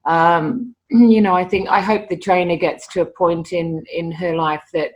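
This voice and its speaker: A middle-aged woman, a guest telling stories in a casual interview, lively and often repeating words as she starts a sentence. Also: on the low side, unhurried. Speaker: interview guest, animal communicator.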